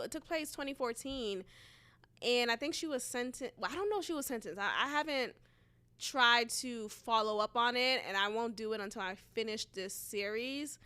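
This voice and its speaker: A woman's voice: on the high side, sharp tone. A young woman from Boston, hosting a solo podcast in a casual, chatty monologue full of asides and fillers. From Boston, USA. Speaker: podcast host.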